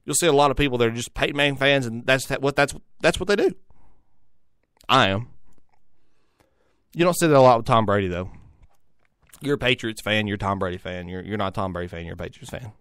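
A man's voice: mid-range voice, fast talker, long pauses, a bit bright, clean tone, dry recording, studio quality. A young adult man, hosting a solo sports talk show, rambling with frequent restarts and repeated words. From Tennessee. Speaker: sports radio host.

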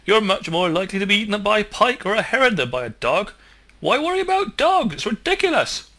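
A man doing a shrill scoffing frog. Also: very animated, a little fast, bright, forceful tone, full character voice. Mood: mocking. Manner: raised, incredulous, laughing protests. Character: excitable skeptical male frog, scoffing.

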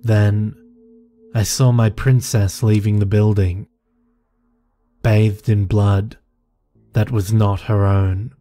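A man narrating a horror story in a slow, measured first-person telling. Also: on the low side, little pitch movement, mellow. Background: faint music.

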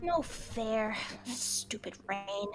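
A woman's voice: a little high, lively intonation, drawn-out words, soft background music, voice pushed down. A woman voicing a cheeky third-grade kid eager to play tag, reading game lines aloud in a playful, teasing manner. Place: home setup on a live stream.

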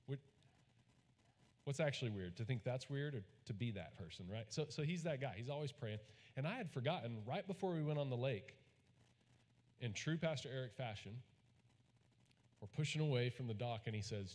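A man's voice: mid-range voice, moderate pace, darkish tone. A man from Texas, preaching a sermon in a folksy storytelling way and getting the congregation to repeat lines back. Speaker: pastor. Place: large church hall. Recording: long hall reverb.

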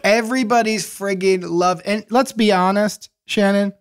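A man's voice: high voice, fairly even intonation, normal speed, clear, resonant tone, no room sound, studio quality. A man co-hosting a comedic advice podcast, grilling a caller with mock-serious leading questions. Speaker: co-host.

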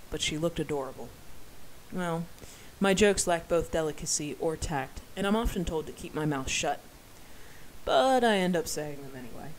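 An amateur narrator reading a first-person novel aloud, dropping wry, self-deprecating asides. The pitch sits in the middle, with a faint hiss behind the voice. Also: low-quality recording.

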